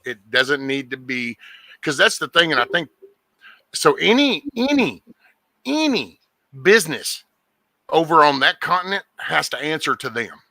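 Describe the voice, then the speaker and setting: A man's voice: a little high, big pitch swings, a little slow, long pauses, sharp tone, no echo, rough recording. A man hosting a casual podcast chat, talking bluntly and profanely, rambling and restarting his sentences.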